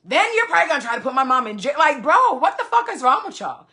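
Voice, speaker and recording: A woman's voice: sits high, sing-song, fast, pushed and bright. A woman vlogger venting to her viewers in heated casual talk, cursing freely and repeating phrases for emphasis.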